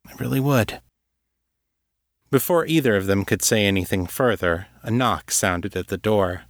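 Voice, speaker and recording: A man narrating a serialized fantasy story in a steady, measured way. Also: fairly low pitch, dry recording, studio quality. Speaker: narrator and author. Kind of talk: scripted audiobook narration.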